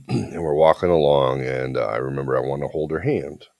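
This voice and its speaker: A man's voice: very deep voice, lively intonation, moderate pace, gravelly, a little mellow, no echo. A man co-hosting a podcast, telling a story in a blunt, profane, confident way. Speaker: podcast co-host. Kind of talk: casual storytelling chat.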